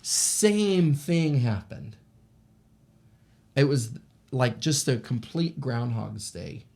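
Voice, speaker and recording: A middle-aged man, telling a personal story in a casual, animated way. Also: medium pitch, very slow, gravelly. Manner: animated, acts out the voices of people in his stories. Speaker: shaman sharing paranormal stories.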